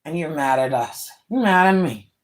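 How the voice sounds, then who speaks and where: Low-set and expressive, this livestream host's voice moves at normal speed. She's in her late forties, ranting bluntly with scorn and mockery and laughing along the way.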